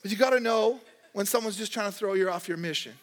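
A man's voice: sits high, fast, big-room sound. A young man preaching a sermon in a conversational, joking way, acting out quoted voices. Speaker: pastor.

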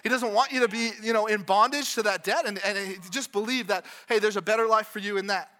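A man preaches to his congregation in a relaxed, conversational style. His voice sits high and bright. He circles back over his own phrases and slips in quick asides as he goes. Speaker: pastor. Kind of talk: sermon. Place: church with congregation.

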